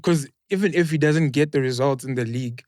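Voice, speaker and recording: A man argues his point in a relaxed football chat, starting slowly and then building his case. His voice sits in a middle register. The recording is close and dry. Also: mid-range voice, dry recording. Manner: reasoned, hesitant starts. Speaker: podcast co-host.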